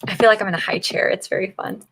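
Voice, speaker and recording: A woman's voice: mid-range voice, steady tone, fast talker, vocal fry, fairly bright tone, a little hiss or hum. A woman from Northern Virginia, hosting a writing-sprint livestream and chatting casually with viewers, laughing often as she reacts to chat. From Northern Virginia, USA.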